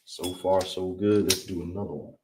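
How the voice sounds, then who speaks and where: Low-voiced guy teaching a class, says each syllable slow and repeats, mic kinda far, noisy. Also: steady tone. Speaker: language teacher. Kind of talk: livestreamed language class. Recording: distant mic with clear background noise.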